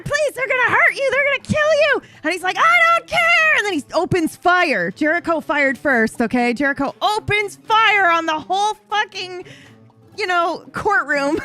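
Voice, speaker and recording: A woman's voice: high voice, fairly bright tone. Rambling, foul-mouthed woman recapping a story. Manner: rambling, profane, self-correcting. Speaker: streamer recapping a roleplay story.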